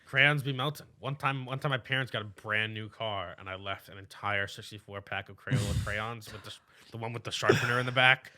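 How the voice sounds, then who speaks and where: A man's voice: fairly low pitch, pushed and bright. A young man co-hosting a casual podcast, trading jokey anecdotes with friends. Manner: joking anecdotes, quick asides. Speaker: podcast co-host. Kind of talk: casual chat.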